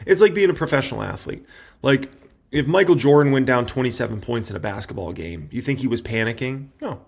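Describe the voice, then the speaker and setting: A man in his thirties with a gravelly, fry-edged voice, chatting casually to camera as a stock market commentator. He talks loosely and informally, scattering fillers and "right?" through his points. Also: mid-range voice, animated, quick pace. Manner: conversational, filler-heavy with tag questions.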